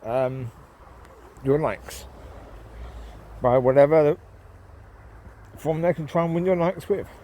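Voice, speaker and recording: This man's nasal voice is fairly high and mellow, and he takes his time, pausing often. Walking his dogs outdoors in the woods, he rambles casually with plenty of ums and calls out to them as he goes.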